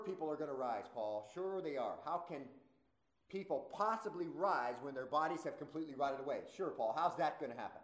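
A man's voice: on the high side, echoey room, natural voice. A man voicing a sneering male skeptic who mocks with sarcastic questions. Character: sneering adult male skeptic mocking resurrection.

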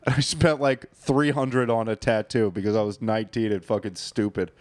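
A man's voice: fairly low pitch, fairly even intonation, normal speed, dry recording. A man in his twenties, a podcast co-host, telling a workplace story in casual, profane chat.

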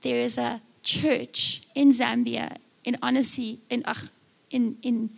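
A woman preaching a live church sermon, acting out Bible scenes in lively voices. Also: fairly high pitch, slow, vocal fry.

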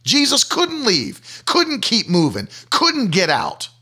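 A man's voice: sits high, huge pitch swings, takes it slowly, bright, forceful tone, breathy edge. A man preaching a sermon emphatically, repeating key phrases to drive them home.

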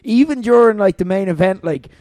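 A man's voice: sits high, expressive, a little fast, darkish tone, no room sound, studio quality. A young Irish man hosting a casual wrestling podcast, enthusiastic and laughing along. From Ireland. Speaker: podcast host. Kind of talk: casual chat.

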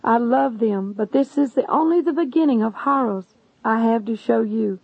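A woman's voice: a little high, normal speed, creaky, breathy edge, dry recording. A woman voicing a sorrowful male savior who speaks solemnly of judgment. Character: sorrowful stern male savior judging souls. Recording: dull lo-fi recording.

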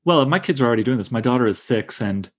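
A man's voice: medium pitch, expressive, quick pace. A man in his thirties leading a casual literary discussion, enthusiastic and stumbling over restarts. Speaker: discussion leader.

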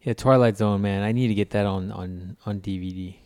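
A man's voice: lowish voice, fairly even intonation, brisk, a little mellow. A man co-hosting a podcast in casual chat, teasing his friend with questions and laughing often. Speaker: podcast co-host.

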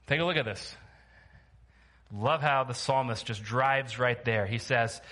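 A man's voice: medium pitch, expressive, moderate pace, pushed and bright. A man preaching a sermon to his church, talking in a loose, humorous way and putting questions to the congregation. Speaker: pastor.

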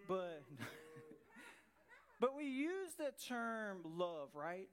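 A middle-aged man with a high-pitched voice preaches to his congregation in a loose, conversational way. He is animated and keeps checking in with rhetorical questions. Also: drawn-out words, clean tone. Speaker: pastor. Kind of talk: sermon. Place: church sanctuary.

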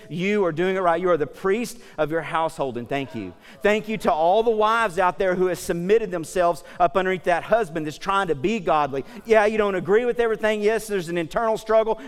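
A man's voice: sits high, smooth, in a large hall. A man preaching a sermon as pastor, talking to the congregation in a conversational way and often asking them questions.

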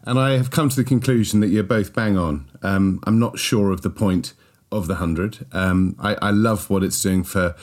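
A man joining a sports podcast as a guest, speaking in a measured, hesitant way with many ums. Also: low-pitched. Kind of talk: casual sports chat.

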